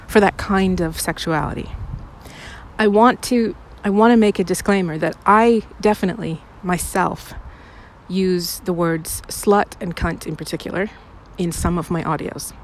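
A woman's voice: lowish voice, a little mellow, slight background noise. A young woman who makes audios, chatting with her listeners in a rambling, self-deprecating way full of fillers. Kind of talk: casual chat to listeners. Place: recorded outside.

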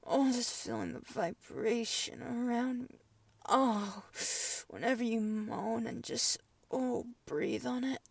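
A woman in an intimate whispered role-play, breathy and drifting between hushed whispers and soft moans. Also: on the high side, takes it slowly, no room sound, recorded from a distance. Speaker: audio role-play performer.

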